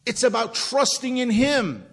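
A man with a high voice delivers a sermon from the pulpit, talking to the congregation and putting questions to them. His voice carries a long reverb from the church hall around him. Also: sing-song, unhurried, husky. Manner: conversational preaching, asks the congregation questions. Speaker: pastor. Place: church sanctuary, also streamed online.

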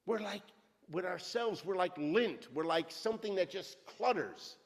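A middle-aged male pastor preaching a sermon with fervent, emphatic delivery that swings from loud outbursts to quiet asides, in a church sanctuary. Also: sits high, unhurried, creaky. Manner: fervent, emphatic preaching that rises and drops sharply. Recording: long reverb of a church hall.

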